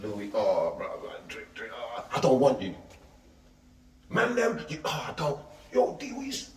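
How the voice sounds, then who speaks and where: Guy preaching on the street, kinda high voice, echoey and far from the mic. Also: slight background noise. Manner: animated, slangy, repetitive, questions the listeners. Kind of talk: outdoor street talk. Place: outdoors on a street. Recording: echoey street audio from a distance.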